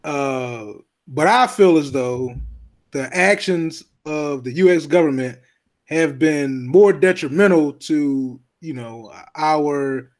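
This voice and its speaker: Dude co-hosting a chill podcast, slightly high voice, lots of ums and uhs. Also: male voice, takes it slowly. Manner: laid-back, many fillers, joking. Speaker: podcast co-host. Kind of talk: casual podcast chat.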